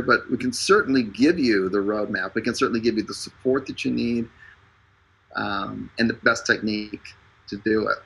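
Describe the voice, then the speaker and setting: A man hosts a live stream with a gravelly, raspy voice and a forceful, bright tone. He delivers a casual, joking sales pitch that is full of fillers and restarts. He speaks over an internet connection. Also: low-quality recording.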